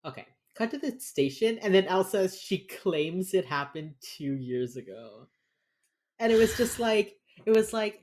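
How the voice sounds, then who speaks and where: A man's voice: fairly high pitch, big pitch swings, normal speed, darkish tone. A man co-hosting a podcast, tipsy and ranting with heavy sarcasm and casual swearing while recapping a TV episode. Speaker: podcast co-host.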